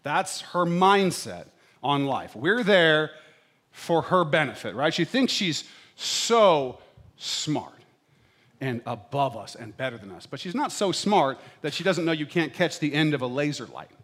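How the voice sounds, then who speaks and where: A middle-aged pastor with a voice on the high side, very animated and a bit bright, preaches in an unhurried way. He mixes in playful asides and checks in with listeners with "right?"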